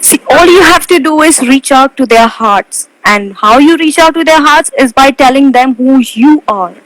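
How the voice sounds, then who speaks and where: A young woman with a high, clear voice talks in a dry, close-miked sound. She speaks earnestly and pushes hard on the words that matter. Now and then she slows right down to make a point. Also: fairly bright tone, no echo, rough recording. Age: 20s. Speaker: pageant titleholder guest. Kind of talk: casual interview over a live video call. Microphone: video call.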